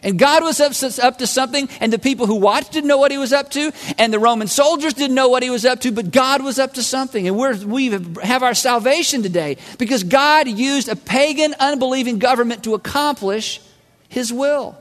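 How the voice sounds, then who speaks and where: A man preaching a sermon as a pastor, animated and acting out voices of listeners and God. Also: extremely high pitch, fairly quick. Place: large church hall. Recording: long hall reverb.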